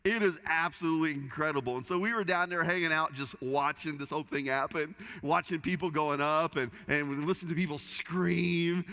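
A middle-aged man preaching a sermon as pastor, telling a story in a lively way with repeated restarts. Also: fairly high pitch, a little fast, few pauses. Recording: long reverb of a large hall.

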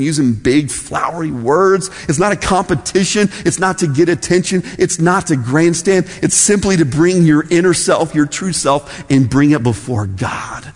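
A man's voice: fairly high pitch, moderate pace, hardly any pauses, slightly rough. A middle-aged man preaching a sermon as pastor, conversational and storytelling. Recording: long hall reverb.

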